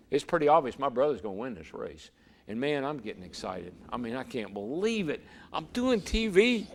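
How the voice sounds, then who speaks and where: A man, a former racer turned broadcaster, telling a vivid story as an interview guest and often repeating words. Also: mid-range voice. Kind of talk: storytelling in a conversation.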